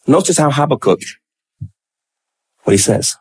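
A man's voice: mid-range voice, expressive, measured pace, gravelly, darkish tone, husky. A man preaching a sermon, emphatic and acting out quoted pleas with rising questions.

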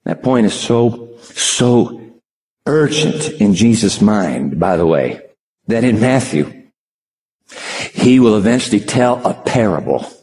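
A man's voice: fairly low pitch, sing-song, takes it slowly, darkish tone, in a large hall. A man preaching a sermon, acting out dialogue with dramatic shifts in his voice. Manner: dramatic, acts out voices of God and Peter. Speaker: pastor.

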